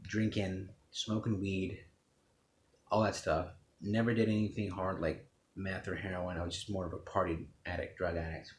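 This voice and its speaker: Casting: low-voiced man, raw personal testimony, cursing freely, recorded in an echoey room with faint background noise. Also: level tone, moderate pace. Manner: blunt and profane, with restarts. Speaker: speaker telling his life story.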